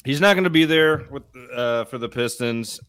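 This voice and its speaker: A man's voice: mid-range voice, moderate pace, a bit bright, smooth. A man co-hosting a casual sports podcast. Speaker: podcast co-host.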